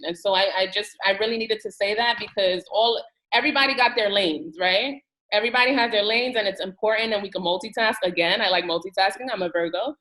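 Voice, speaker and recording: Bright, emphatic woman in casual chat. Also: medium pitch, low-quality recording. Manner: emphatic, laughing, slangy.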